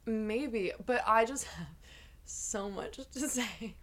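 A young woman from Tennessee, a podcast guest in casual chat, animated and laughing often, swearing casually and talking fast once she gets going. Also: a little high.

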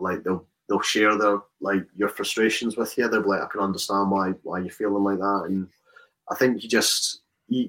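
A rugby player in his twenties answering interview questions in a relaxed, rambling way, full of restarts and fillers. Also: fairly low pitch, low-quality recording. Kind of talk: casual interview chat.

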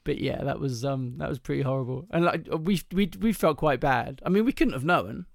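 A man's voice: mid-range voice, fairly quick, gravelly, no echo, clean studio sound. A man co-hosting a podcast in casual chat, telling stories in a rambling, chatty way. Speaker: podcast co-host.

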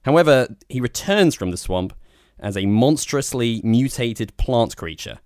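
A man's voice: mid-range voice, animated, measured pace, darkish tone, no room sound, clean studio sound. A man co-hosting a podcast, talking about films in a wry, rambling way with plenty of restarts. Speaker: podcast co-host. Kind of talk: casual film review chat.

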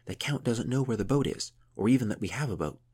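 A man's voice: medium pitch, lively intonation, fast, a little mellow, husky, pitched above the performer's own voice. Man doing a bold, determined young woman.

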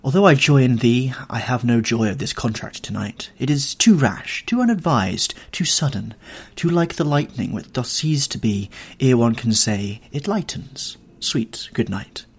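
An ardent young actress speaks in a raised, lilting, lyrical voice, as a male reader puts her on. Her tone is husky and her pitch swings widely. She sounds carried away by her own words. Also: very animated, unhurried, full character voice.

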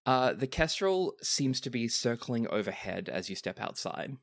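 A man's voice: mid-range voice, animated, moderate pace, gravelly, dry recording, clean studio sound. A man narrating as game master of a tabletop game, easygoing, with plenty of fillers.

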